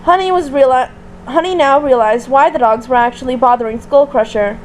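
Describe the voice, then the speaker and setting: High-voiced woman reading a story aloud. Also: a little fast, slight background noise, low-quality recording. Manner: steady, with slips and restarts. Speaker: audiobook reader. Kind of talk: reading fan fiction aloud.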